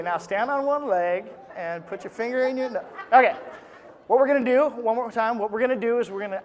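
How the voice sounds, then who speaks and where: A man giving an energetic, joking motivational talk at a live business seminar, rallying the audience into chants. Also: high voice. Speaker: motivational speaker at a business event. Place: large conference room with live audience. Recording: reverberant hall with crowd. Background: audience responses and applause.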